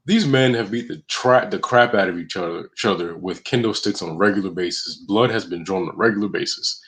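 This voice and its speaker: A man's voice: low voice, a little fast, a bit bright. A man co-hosting a casual wrestling chat show, giving confident, emphatic opinions. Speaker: podcast co-host.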